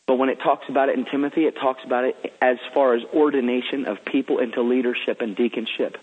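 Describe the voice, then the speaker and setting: A man's voice: medium pitch, fairly even intonation, fast. A man who is a guest minister, telling stories in an eager, emphatic, preacherly way. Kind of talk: enthusiastic storytelling. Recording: phone-like radio line.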